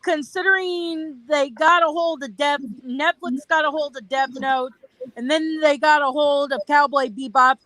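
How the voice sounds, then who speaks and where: A woman's voice: very high voice, pushed and bright, no echo, rough recording. A woman in a casual livestream chat, ranting angrily and swearing.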